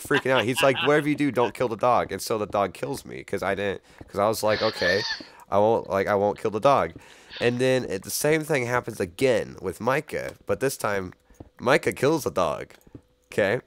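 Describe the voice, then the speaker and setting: Low-voiced man getting over a cold. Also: no room sound. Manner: animated storyteller, laughs often. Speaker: gamer. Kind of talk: casual gameplay chat.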